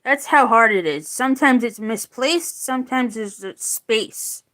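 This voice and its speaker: Woman teacher, higher voice, unhurried lesson delivery, sounds out and repeats each word. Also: fairly bright tone. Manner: slow, deliberate, repeats words to sound them out. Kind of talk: spoken phonics lesson.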